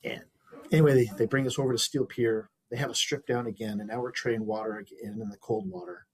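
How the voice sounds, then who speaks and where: A man with a medium-pitched, very husky voice speaks quickly and steadily as an interview guest. He tells a personal story earnestly and reflectively, often restarting his phrases. The recording quality is poor.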